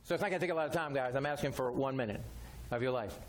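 A man's voice: mid-range voice, very fast, a little hiss or hum. A man preaching a sermon as a pastor, talking directly and conversationally, repeating his key phrases.

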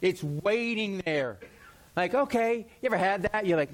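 A middle-aged man preaching a sermon, animated and playful, acting out quoted voices with self-deprecating humor. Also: sits high, moderate pace. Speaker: pastor.

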